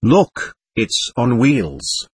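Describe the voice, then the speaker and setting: A man's voice: medium pitch, big pitch swings, extremely slow, slightly rough, dry recording, full character voice. A man reading the lines of a self-assured schoolboy who speaks solemnly and shows off. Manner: solemn, showing off.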